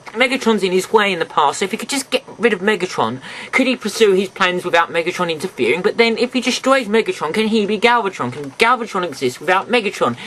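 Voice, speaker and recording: A man with a high, bright voice reviews a toy to his camera at home. He rambles in a chatty way and keeps talking straight to his viewers. His pitch bounces around a lot as he goes. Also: slight background noise, poor audio. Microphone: camera mic, sometimes off camera.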